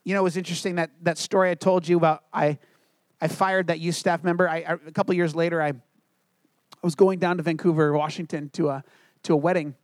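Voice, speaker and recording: A man with a high voice delivers a sermon as a pastor, telling his story in an earnest, heartfelt way. He drops to quiet, low tones when he quotes people or presses a point. The sound is close and dry, with little room echo.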